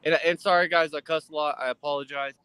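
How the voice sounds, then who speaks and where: A man's voice: fairly high pitch, fairly even intonation, quick pace, pushed and bright, clear, resonant tone, dry recording. A guest on a casual chat, an emotional man ranting heatedly and cursing a lot.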